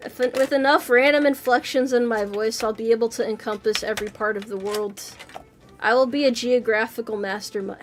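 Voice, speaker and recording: Soft background music accompanies this VTuber, whose slightly high voice moves at a moderate pace. Streaming from her home PC, she answers chat in a chatty, playful way, cursing a lot and muttering or exclaiming as she builds a model.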